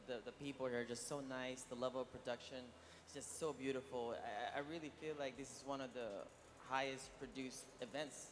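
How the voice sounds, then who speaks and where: A man from the Philippines giving a post-match interview as a player, earnest, grateful and a little halting. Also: medium pitch, steady tone, big-room sound, a little hiss or hum.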